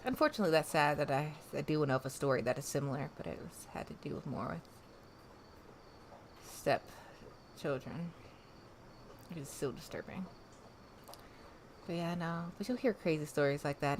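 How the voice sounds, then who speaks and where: A woman's voice: deep voice, moderate pace, long pauses, a little hiss or hum. A woman from the American South with no regional accent, hosting a casual livestream and chatting with viewers, trailing off with fillers and restarts. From Southern United States. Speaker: livestream host.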